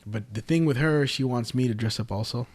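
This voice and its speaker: A man's voice: mid-range voice, fairly quick. A man from the San Francisco Bay Area telling a story on a casual podcast, rambling with frequent restarts. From San Francisco Bay Area, California.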